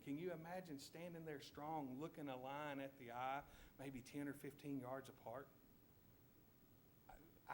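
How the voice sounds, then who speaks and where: Preaching in church with a Southern US accent, a man whose voice runs on the high side tells a vivid story and urges listeners to imagine every scene. Slight background noise is present.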